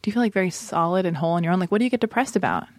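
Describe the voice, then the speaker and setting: A woman's voice: on the low side, lively intonation, rapid-fire, a little mellow, no room sound. Playful, teasing woman interviewer. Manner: playful, teasing, rambling questions. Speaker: host. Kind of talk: casual interview chat.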